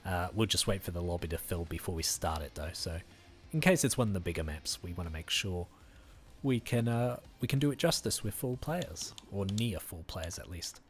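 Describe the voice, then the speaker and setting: A man's voice: low-pitched, expressive, normal speed. A tired man chatting casually with viewers while streaming a game, easygoing and friendly. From Australia. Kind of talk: casual live-stream chat.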